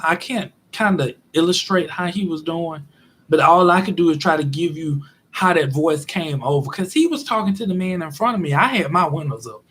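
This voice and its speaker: A man telling a story in a chatty, animated way as a vlog host. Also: on the high side, husky. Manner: animated, chatty, acts out quotes. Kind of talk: casual storytelling monologue.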